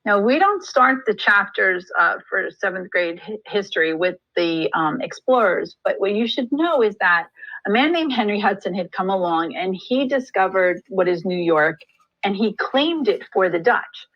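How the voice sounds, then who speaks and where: A woman's voice: medium pitch, expressive, moderate pace, muffled recording. A woman history teacher giving a recorded lesson, chatty and full of joking asides. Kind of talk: classroom lesson screencast.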